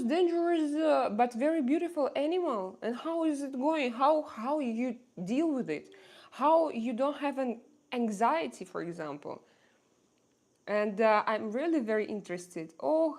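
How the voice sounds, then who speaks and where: A woman chatting casually on a daily live stream, asking her viewers question after question in non-native English. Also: a little high.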